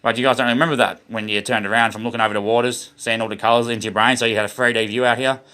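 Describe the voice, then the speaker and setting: A man's voice: medium pitch, fairly even intonation, rapid-fire, pushed and bright, smooth. A man with an Australian accent rambling in a preachy monologue, often calling his viewers "guys" as he talks.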